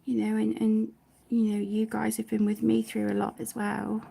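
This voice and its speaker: A woman's voice: fairly high pitch, monotone, moderate pace, creaky, breathy edge. A woman hosting a colouring channel, chatting casually during a live stream and often dropping to a near whisper. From United Kingdom. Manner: soft-spoken, often drops to a near whisper; chatty, warm-hearted, many fillers and restarts.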